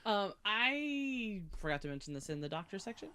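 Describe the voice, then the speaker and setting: A co-host chats on a casual podcast in a middle-pitched voice. The talk is enthusiastic and giggly. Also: big pitch swings, moderate pace, pushed and bright, clear, resonant tone.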